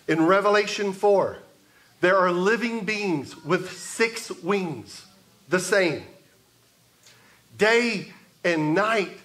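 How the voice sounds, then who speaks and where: High-voiced preacher, slow and emphatic. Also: male voice, bright, forceful tone. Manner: measured preaching with emphatic repetition. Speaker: pastor. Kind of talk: sermon. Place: church sanctuary.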